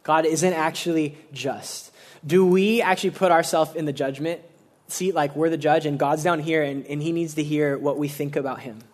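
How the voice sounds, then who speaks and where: Young guy pastor, laid back sermon, lots of "like", kinda high voice. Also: steady tone, normal speed. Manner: casual and conversational, full of "like", acts out quotes.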